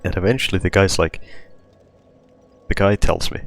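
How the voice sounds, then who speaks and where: Male host, very low voice, casual rambling monologue, lots of filler words. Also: steady tone, moderate pace, pauses often, slight background noise. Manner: rambling, heavy use of "like", frequent restarts. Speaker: podcast host.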